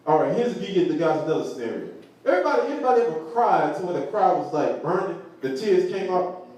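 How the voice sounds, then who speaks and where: A man teaching the Bible to a group, animated and laughing, often asking the crowd questions. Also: sits high, fast talker. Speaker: preacher. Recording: echoey room from far off, faint noise.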